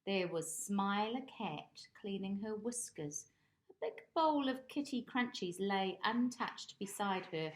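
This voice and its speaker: Brief: woman reading a picture book to kids, lively and expressive, mid-pitched voice. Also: slow. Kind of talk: children's storybook read-aloud.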